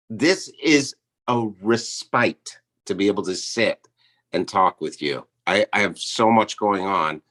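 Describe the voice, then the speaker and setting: A man guest telling crude comic stories in a deadpan way, speaking over a video call. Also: deep voice. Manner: crude deadpan jokes, animated, quick shifts into put-on voices. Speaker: comedian guest. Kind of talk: comedic rant in casual chat.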